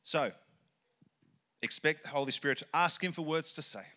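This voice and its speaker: An Australian man giving a sermon in a bright, sharp voice. He tells his stories conversationally, stopping and restarting often as he goes. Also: on the high side, moderate pace. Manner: rambling, conversational storytelling with many restarts. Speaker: pastor.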